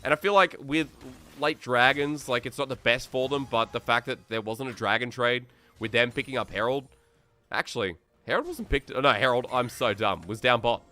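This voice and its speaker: An Australian man solo-casting an esports match, excitable and chatty, thinking aloud and reading viewer comments between plays. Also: medium pitch, moderate pace. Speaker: esports caster. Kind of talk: solo play-by-play commentary and chat. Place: New South Wales.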